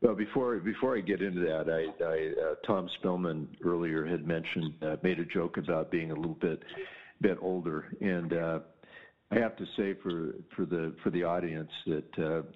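A man with a very deep voice speaks as a guest on an online panel show. He is polite and hesitant, often restarting his sentences. The sound is dull and lo-fi, like an online call. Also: fairly even intonation, normal speed. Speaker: guest, writer.

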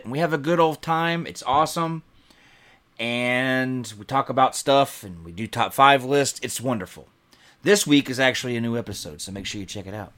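Easygoing male radio DJ, mid-pitched. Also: a bit bright. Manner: easygoing, chatty, loosely rambling. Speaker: radio show host. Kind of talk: casual radio DJ chat.

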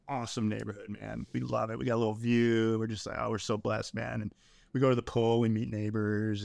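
A man's voice: fairly low pitch, vocal fry, no echo. A middle-aged man speaking as a podcast guest, earnest and emotional, often saying "man" and "dude". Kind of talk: candid podcast conversation.

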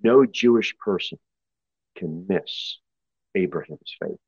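A man's voice: deep voice, takes it slowly, slightly rough, no room sound, lo-fi sound. A man preaching an expository sermon in a church, emphatic and acting out story voices. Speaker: pastor.

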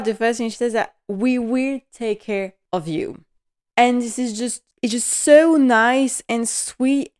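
A woman's voice: fairly high pitch, clean tone. A woman hosting a casual episode recap, enthusiastic, laughing often and using many fillers. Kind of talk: casual chat.

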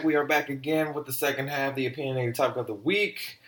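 A man hosting a casual solo podcast, talking in an animated, slangy way with plenty of swearing. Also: mid-range voice, fast talker. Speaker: podcast host.

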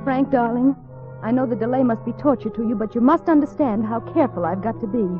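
A woman's voice: a little high, fast, natural voice. An actress playing a nervous, stammering young woman. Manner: breathy, hesitant, stammering. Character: young woman secretly investigating a suspected murderer. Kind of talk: 1940s radio drama acting. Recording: tinny 1940s radio broadcast with music.

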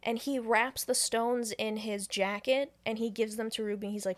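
A woman co-hosting a podcast, casually recapping a film plot in an animated, profane way with frequent laughter. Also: a little high, normal speed. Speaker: podcast co-host. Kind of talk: casual movie recap chat.

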